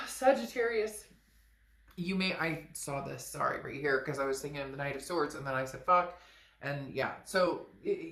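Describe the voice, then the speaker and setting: A woman with a fairly low voice gives a casual tarot reading, talking frankly and with energy. She swears now and then and is recorded in an echoey room. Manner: animated, frank, swears, acts out quoted lines in a high voice. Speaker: tarot reader.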